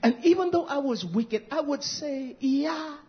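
Scolding high-voiced man preaching. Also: animated, unhurried. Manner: scolding, swings from low mutters and whispers to loud high outbursts. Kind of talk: fiery street-style sermon. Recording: muffled lo-fi recording.

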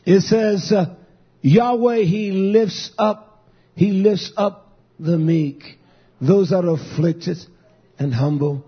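A man's voice: high-pitched, takes it slowly, husky, muffled recording. A man preaching a sermon, exhorting and calling out to the congregation.

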